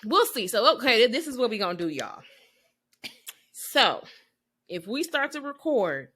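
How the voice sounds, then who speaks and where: A woman co-hosting a podcast in loose, joking conversation. Her voice sits a bit high and swings widely. The tone is bright, and she laughs easily. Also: moderate pace, slight background noise. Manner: lively, laughing, Southern US slang. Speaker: podcast co-host. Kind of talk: casual chat.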